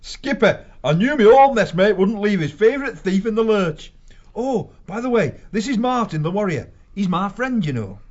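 A man's voice: high-pitched, sing-song, moderate pace, darkish tone, dull audio, pitched above the performer's own voice. A man reading an audiobook, voicing a cocky young male mouse thief with jaunty sailor slang.

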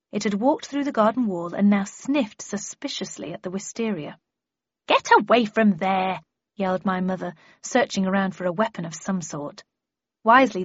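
A woman narrating a story in the first person in an even, wry manner. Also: medium pitch, no echo, highs cut off. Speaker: audiobook narrator.

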